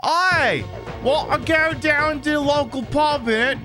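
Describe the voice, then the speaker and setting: A brash, cheeky mock-British bloke, put on by a man, bellowing in a high, strained voice. He swears freely and swings his pitch all over the place, with faint music behind him. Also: very animated, measured pace, heavily acted. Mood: boisterous. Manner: loud, swearing, exaggerated put-on accent.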